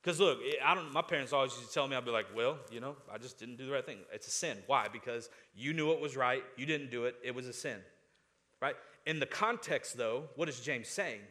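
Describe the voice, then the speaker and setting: A man's voice: medium pitch, animated, a little fast, sharp tone. A man preaching a sermon as pastor, in a conversational way, asking the listeners rhetorical questions and often restarting his words.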